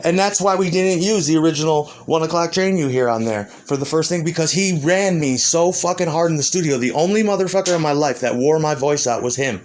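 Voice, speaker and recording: A man's voice: on the high side, brisk, few pauses, darkish tone. A man, a musician, in a rambling and profane rant, combative and heated. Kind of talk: ranting monologue.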